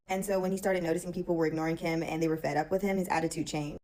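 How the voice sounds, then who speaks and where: A woman teacher telling a classroom story in a brisk, matter-of-fact way. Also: fairly low pitch, steady tone, a little mellow, slight background noise. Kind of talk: storytime to camera.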